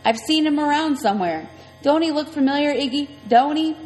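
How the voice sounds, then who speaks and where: A woman's voice: sits high, a little fast, a little mellow, pitched above the performer's own voice, natural voice. A woman voicing a scrawny, nosy chain-smoking woman who talks out of the side of her mouth. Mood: wheedling. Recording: long reverb, faint music.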